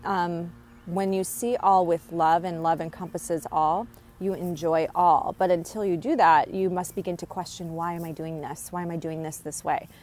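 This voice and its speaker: A woman speaks in a loose, rambling way as she passes on a spirit's words. Her voice sits a little low, and her talk is full of fillers, restarts and bursts of giggles. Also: steady tone, moderate pace, darkish tone. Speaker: spirit medium relaying messages. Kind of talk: casual channeling monologue.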